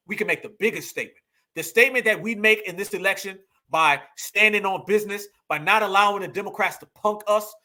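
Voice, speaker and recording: A man's voice: high-pitched, sharp tone. Fired-up man preaching a political rant. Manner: preachy, emphatic, repeats phrases for punch, profane. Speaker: political commentary host.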